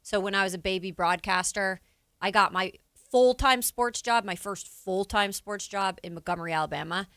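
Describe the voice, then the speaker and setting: A chatty female sports radio co-host from Spokane with a bright, clear tone and a mid-range pitch. She talks casually and laughs easily, recorded close on a dry studio mic. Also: moderate pace, no echo. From Spokane, Washington.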